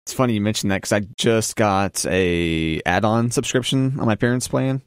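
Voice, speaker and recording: A laid-back man co-hosting a radio show, his voice low and gravelly with plenty of fry. He chats wryly and tosses out easy questions. The studio mic gives a close, dry sound with no room in it. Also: moderate pace, no echo. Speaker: radio co-host. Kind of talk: casual on-air chat.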